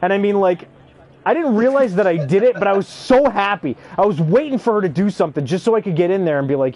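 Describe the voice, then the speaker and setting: Brief: high-voiced young guy, profane, animated storyteller, casual gaming chat. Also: a little fast. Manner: animated, profane, acts out quotes. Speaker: youth care worker.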